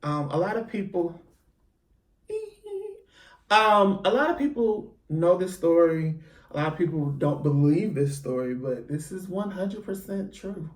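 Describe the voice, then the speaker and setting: Filmed in an echoey room with a distant mic, this YouTuber's casual storytime vlog is theatrical and chatty, full of ums as he pumps himself up. He talks at normal speed in a slightly high voice.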